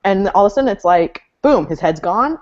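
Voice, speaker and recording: A woman's voice: medium pitch, expressive, brisk, a little mellow, muffled recording. A woman co-hosting a casual fan chat, chatty and jokey, laughing often. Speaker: podcast co-host.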